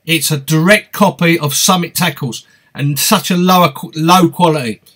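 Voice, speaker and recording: A man with an East London accent talks in a chatty, upbeat way as he hosts a live question-and-answer stream. His voice sits high for a man. He reads out viewer comments and greets people by name. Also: moderate pace, fairly bright tone, husky. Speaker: fishing channel host.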